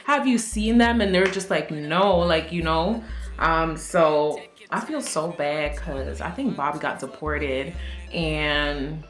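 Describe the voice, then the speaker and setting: A woman's voice: deep voice, takes it slowly. Chatty young woman telling a story. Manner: animated, chatty, laughs often, acts out quotes. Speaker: vlogger. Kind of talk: casual storytime. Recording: roomy room, faint music.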